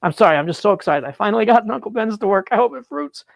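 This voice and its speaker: A man chatting excitedly on a live stream as he works on his mushroom grow, laughing and apologizing often. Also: high-pitched, fast talker, vocal fry. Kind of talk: live-stream chat while working. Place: grow room, indoors.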